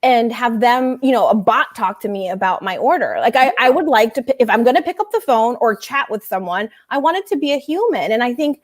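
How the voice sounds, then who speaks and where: A woman with a slightly higher voice chats casually about recruiting over a video call. She tells stories in a loose, conversational way and laughs easily. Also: lively intonation, brisk, few pauses. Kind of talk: casual chat.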